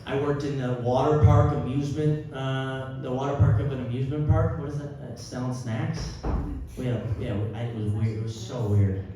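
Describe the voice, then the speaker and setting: A man performing a live stand-up set of deadpan one-liners, now and then jumping into high-pitched outbursts. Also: brisk, very noisy. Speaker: stand-up comedian. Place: theater stage before a live audience. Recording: roomy hall audio from a distance with crowd. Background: audience laughter.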